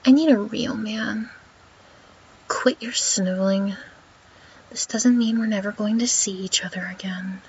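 A woman in a whispered role-play, talking in a domineering, teasing way with a breathy voice. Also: medium pitch, steady tone, a little mellow, slight background noise. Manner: domineering and teasing, slow and deliberate. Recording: dull lo-fi recording.

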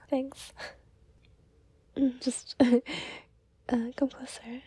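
Breathy whispering woman, slow and flirty. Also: on the high side, no echo. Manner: flirtatious and giggly, soft and hesitant. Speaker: audio role-play performer. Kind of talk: whispered role-play.

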